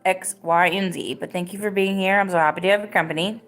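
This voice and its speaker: A woman's voice: mid-range voice, fairly even intonation, quick pace, fairly bright tone. A woman hosting a live podcast, chatting casually and rambling with lots of "like"s. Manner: rambling, filler-heavy talk with many "like"s. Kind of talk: casual live-stream chat.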